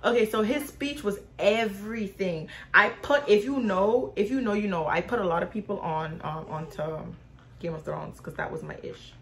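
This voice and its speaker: A woman's voice: mid-range voice, moderate pace, a little hiss or hum. A young woman in her twenties chatting casually to viewers in a question-and-answer vlog, rambling with lots of fillers and slang, recorded on a phone. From Haitian/Bahamian. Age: 20s. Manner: informal slang, speaks to viewers as y'all. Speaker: vlogger. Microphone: phone camera.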